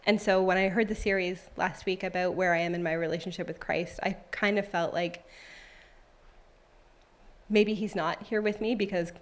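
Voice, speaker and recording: A woman in her thirties speaks at a church service in a fairly even, lowish voice at a moderate pace. She tells her personal testimony in a warm, conversational way with plenty of fillers, and then reads aloud from scripture.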